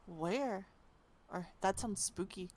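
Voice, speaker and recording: A woman's voice: medium pitch, slow pace, darkish tone, a little hiss or hum, natural voice. A woman voicing a dry young cat woman. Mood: deadpan.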